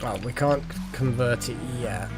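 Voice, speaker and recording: A man's voice: medium pitch, normal speed, loud music behind the voice. A man streaming a colony-building game live, thinking aloud with muttered asides and wry jokes. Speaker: gaming streamer. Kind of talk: live gameplay commentary.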